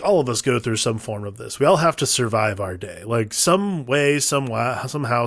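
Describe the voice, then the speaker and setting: A man's voice: mid-range voice, fairly bright tone, no echo, clean studio sound. A man co-hosting a film podcast, chatting casually and rambling with lots of "like" as he works his way toward each point. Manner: rambling, many "like" fillers, quick agreeing replies. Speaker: podcast co-host.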